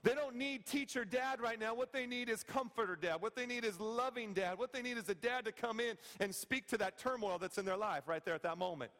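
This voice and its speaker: A man in his thirties preaching a sermon in a church, talking conversationally and checking in with the congregation with quick "okay?" and "right?" asides. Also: very high-pitched, fairly bright tone. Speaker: pastor. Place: church sanctuary. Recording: long hall reverb.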